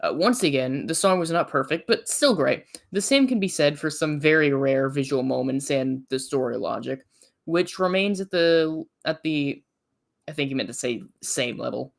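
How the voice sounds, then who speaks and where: A man's voice: fairly high pitch, animated, gravelly. A young man co-hosting a livestream review in casual chat, stumbling and restarting as he reads notes aloud. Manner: halting, restarts often when reading aloud.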